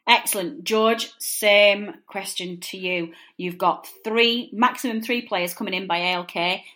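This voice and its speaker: A woman's voice: medium pitch, steady tone, measured pace, bright, forceful tone. A woman hosting a football podcast, teasing her guests and putting questions to them. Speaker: podcast host. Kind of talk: casual podcast chat.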